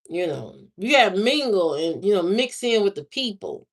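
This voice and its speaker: A woman from Indiana chats loosely on her livestream, talking straight to her viewers. Her speech is slangy and drawn out, with plenty of restarts and fillers. Her voice sits at an everyday middle pitch. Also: big pitch swings, normal speed, few pauses. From Indiana, USA. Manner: slangy, drawling talk with lots of repeats and fillers. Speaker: livestream host. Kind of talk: casual chat answering live viewers.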